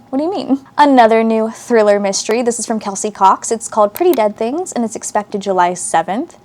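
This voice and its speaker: Higher-voiced woman, book vlogger, reads blurbs aloud with chatty asides. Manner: chatty, reacts to what she reads. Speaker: book channel host. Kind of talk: casual book haul chat, reading synopses aloud.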